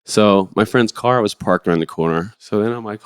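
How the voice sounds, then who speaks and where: A middle-aged man telling stories as a podcast guest in a rambling, animated way, swearing freely. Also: on the low side, a little fast, smooth. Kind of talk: casual interview storytelling.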